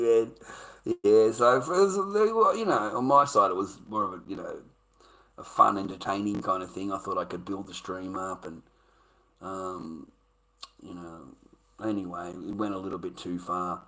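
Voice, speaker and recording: Swearing freely and laughing through his stories, a middle-aged Australian livestreamer rambles in a casual rant. His fairly low voice sounds pushed and bright, with fairly even intonation at normal speed, over poor audio.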